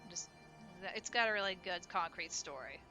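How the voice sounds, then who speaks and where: A woman's voice: lowish voice, expressive, normal speed, sharp tone, faint music behind. A woman streaming a story game live, chatting with viewers as she plays and laughing often. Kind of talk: live let's-play commentary.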